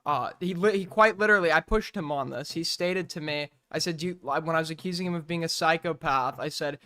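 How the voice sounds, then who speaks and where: A man runs a casual online debate over a voice call. His voice sits a little high and sounds bright. He cuts in bluntly whenever the others drift off course. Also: quick pace, clean tone. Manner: moderating, interjecting, blunt. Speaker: debate moderator.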